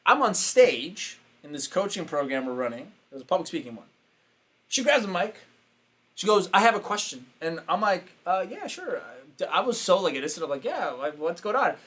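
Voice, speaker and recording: Brief: male coach, slightly raised pitch, animated anecdote teller with lively quoted voices. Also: a little fast. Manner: animated, acts out quotes with sudden pitch jumps. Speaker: business coach. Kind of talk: casual storytelling.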